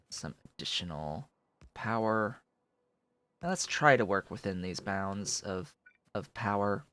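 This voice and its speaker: A man's voice: deep voice, a bit bright. A man casually thinking aloud as he streams a factory-building game, with playful asides. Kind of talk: casual gameplay commentary.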